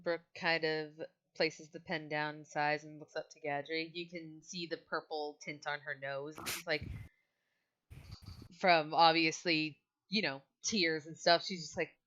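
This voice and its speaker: A woman's voice: sits low, little pitch movement, a little slow. A woman playing a tabletop game, narrating her character's actions and speaking her lines. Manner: mixes third-person narration with quiet in-character lines. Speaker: player voicing her character Brooke. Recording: dull lo-fi sound.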